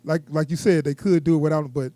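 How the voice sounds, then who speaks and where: A man, co-hosting a podcast in casual chat, animated and slipping into quoted voices. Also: on the high side, fast talker, dry recording. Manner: animated, acts out quoted people in raised voices. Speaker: podcast co-host.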